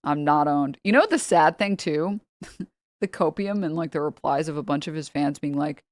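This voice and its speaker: A woman's voice: sits low, moderate pace, dry recording, studio quality. A woman streamer chatting casually and mocking her subject with sarcasm. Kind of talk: casual chat.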